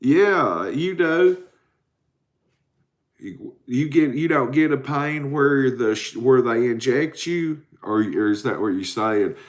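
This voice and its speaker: A man's voice: medium pitch, measured pace, hardly any pauses. A man in his forties rambling and cussing on a late-night livestream, tired and answering viewers. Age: 40s. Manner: rambling, profane, drowsy. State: tired from a caffeine crash. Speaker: livestream host.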